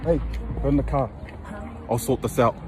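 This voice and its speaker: A man's voice: mid-range voice, fairly even intonation, normal speed, close to an everyday voice. A man putting on a brash, threatening middle-aged dad with a New Zealand accent. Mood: menacing. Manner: gruff, menacing bravado.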